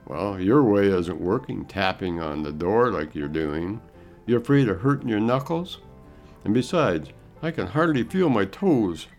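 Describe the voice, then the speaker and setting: A man's voice: on the low side, sing-song, unhurried, soft background music. A man voicing a grumbling old frontier guide with a folksy drawl.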